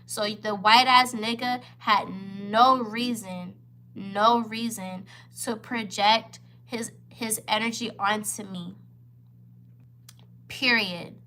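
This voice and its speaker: A woman's voice: mid-range voice, fairly even intonation, takes it slowly, pushed and bright, slight background noise. A woman in her twenties, a vlogger telling a heated, profane storytime to camera, upset and near tears. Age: 20s. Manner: heated, profane, emphatic retelling.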